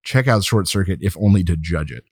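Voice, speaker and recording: Brief: male podcast co-host, lowish voice, dry close sound, rambling self-correcting storyteller. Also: lively intonation, a little fast, a little mellow, breathy edge, no echo. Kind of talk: casual chat.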